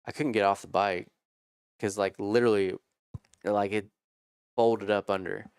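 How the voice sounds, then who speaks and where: A man in his thirties telling casual stories about motocross racing, animated and swearing freely as he acts out what others said. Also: lowish voice, measured pace, clean tone, no echo, clean studio sound. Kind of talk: casual storytelling.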